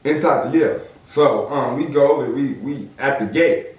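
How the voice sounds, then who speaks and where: A man's voice: medium pitch, normal speed, recorded from a distance, muffled recording. A young man from Southern California, casually telling a story in slangy talk and acting out the quotes. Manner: animated, slangy, acts out quotes. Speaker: podcast host. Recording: echoey room, off-mic.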